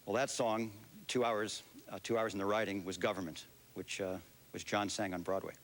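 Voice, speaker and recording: A man looking back in an interview, telling a backstage story in a relaxed, anecdotal way. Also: fairly low pitch, moderate pace. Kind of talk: interview reminiscence.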